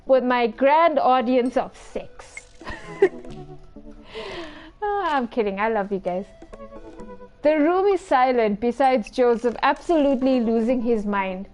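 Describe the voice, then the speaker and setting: A woman's voice: high-pitched, slow, a little mellow, faint music behind. A woman hosting a gaming video, reading a dating game's text aloud and adding playful, giggly, teasing asides. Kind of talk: reading a dating game aloud with live commentary.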